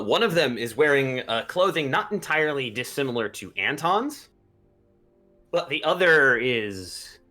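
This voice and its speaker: A man narrating as game master of a tabletop game, unhurried and pausing often with fillers. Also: medium pitch, sharp tone. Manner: unhurried, with frequent filler pauses.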